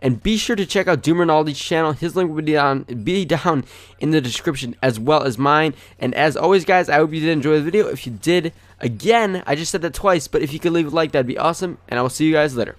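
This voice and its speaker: A man's voice: on the high side, quick pace, dry recording. A young man, a gaming channel host, telling a story in a rambling, chatty way over gameplay, full of "like".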